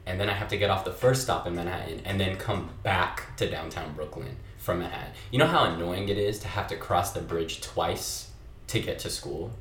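Young male podcast host, low-pitched, casual and profane, echoey recording. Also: moderate pace, slight background noise. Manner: relaxed, profane, lively storyteller. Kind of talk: casual chat.

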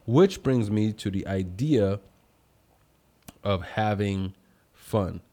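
A man's voice: fairly low pitch, slow pace, dark tone. A man hosting a casual livestream, upbeat as he greets viewers by name and drifts into rambling asides. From United States. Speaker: livestream host.

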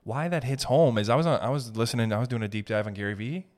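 Profane, animated podcast host, man. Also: medium pitch, fast. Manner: animated and profane, laughs as he talks. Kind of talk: solo storytelling podcast.

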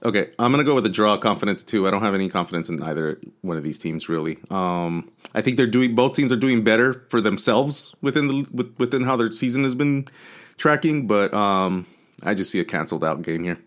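A man on a casual sports prediction podcast, talking in a halting, hedging way with many restarts. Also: fairly low pitch, lively intonation. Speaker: panelist.

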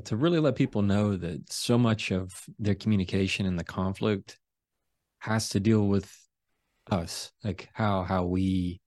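A man with a deep voice, a trial lawyer speaking as a guest over a video call, talking slowly, calmly and deliberately. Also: no room sound, clean studio sound. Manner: slow, calm, deliberate delivery. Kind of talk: casual interview talk.

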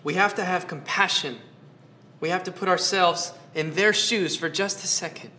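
A man's voice: sits high, normal speed, bright, forceful tone, a little hiss or hum. A man preaching a sermon, earnest, asking his listeners question after question and repeating phrases for emphasis. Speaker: pastor.

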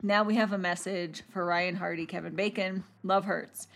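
A woman hosting a podcast, recapping a TV episode in a casual, animated, giggly and jokey way. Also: fairly low pitch, moderate pace, creaky. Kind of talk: casual chat.

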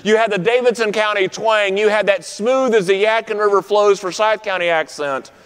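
A pastor preaching a sermon to his congregation, with a rhythmic, repetitive preaching cadence that slows on key phrases. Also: sits high, smooth. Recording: long reverb of a large room.

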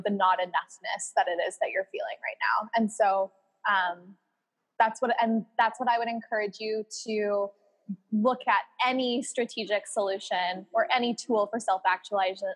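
A woman's voice: medium pitch, fairly even intonation, normal speed, breathy edge, big-room sound. A woman guest on a podcast in a casual chat, earnestly encouraging and then bantering playfully.

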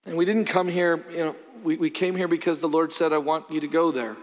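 A middle-aged male pastor preaching a sermon, earnest, with loud emphatic peaks and quiet low asides. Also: steady tone, brisk. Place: church sanctuary. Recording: long hall reverb.

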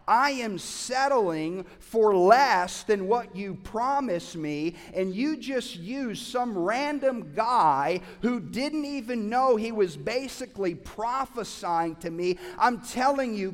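A male pastor preaching a sermon with passion, swinging from loud urging to quiet asides. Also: high-pitched, expressive, slow, hardly any pauses. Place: church sanctuary. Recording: hall reverb.

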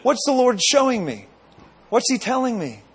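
A man's voice: very high-pitched, big pitch swings, moderate pace, breathy edge. A man preaching a sermon, telling a dream with many asides and repeated phrases.

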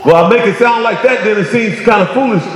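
A man's voice: sits high, fast talker. A man preaching a sermon, talking conversationally and then rising into emphatic bursts. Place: church sanctuary. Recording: very echoey hall.

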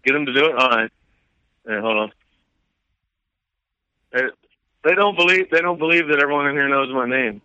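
A laid-back man rambles through a casual call from a coffee shop. His voice comes over a bright, crisp phone line with no room sound at all. He laughs easily between his lines. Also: medium pitch, normal speed, pauses often, no echo. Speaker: caller. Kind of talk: casual comedic chat by phone.

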